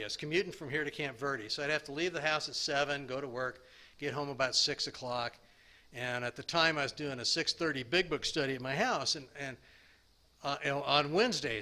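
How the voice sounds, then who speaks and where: Rambling older man, bright tense voice. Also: on the high side. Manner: rambling, self-deprecating, halting restarts. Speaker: speaker at a recovery meeting. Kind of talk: personal recovery share.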